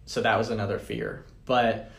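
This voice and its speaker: A young adult man on a podcast as a guest, recounting a personal story in a loose, rambling way packed with "like" and "man." His voice is fairly low and level with some vocal fry, at a normal speed. The recording has a roomy echo.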